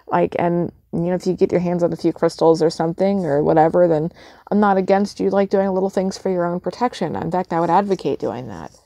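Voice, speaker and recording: Young woman vlogging, blunt and sweary, kinda low voice, dry close sound. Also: a little fast, gravelly, dark tone, no echo. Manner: blunt and emphatic, swears freely. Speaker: witchcraft vlogger. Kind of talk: casual spoken advice.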